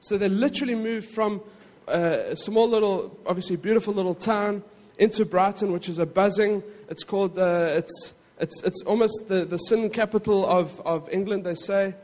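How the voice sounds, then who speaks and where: High-voiced pastor preaching in a church hall. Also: male voice, normal speed, darkish tone. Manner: conversational, self-correcting, frequent asides to the congregation. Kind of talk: sermon.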